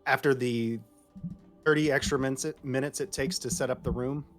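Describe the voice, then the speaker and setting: A man voice director chatting casually in a roundtable, playful and quick to slip into joke accents. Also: mid-range voice, fairly even intonation, music in the background.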